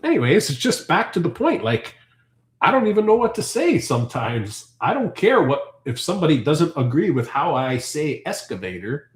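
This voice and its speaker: A man's voice: a little high, big pitch swings, moderate pace. A Canadian man hosting a farm live stream, talking on and on as he answers viewer comments. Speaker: farm channel host. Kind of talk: casual live-stream chat. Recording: roomy echo.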